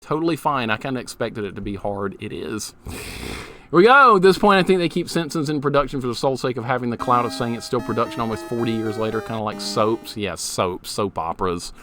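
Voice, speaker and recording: Loud retro game music runs beneath this recording of a man in his thirties streaming a retro game. Speaking animatedly and a little fast at medium pitch, he chats and laughs with viewers and swears casually.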